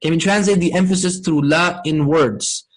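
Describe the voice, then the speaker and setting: A man teaching a Quran and Arabic lesson, checking in with his class often and reciting verses quickly. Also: on the high side, low-quality recording. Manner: asks the class frequent check-in questions, many fillers. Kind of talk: interactive online class lesson.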